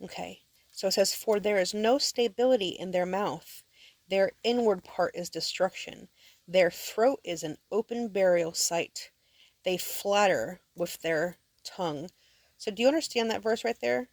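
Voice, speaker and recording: A woman's voice: mid-range voice, a little slow, no echo. Woman reading and explaining scripture. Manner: explains verses plainly, checks understanding with questions. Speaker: parent teaching scripture to her sons. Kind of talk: home scripture lesson.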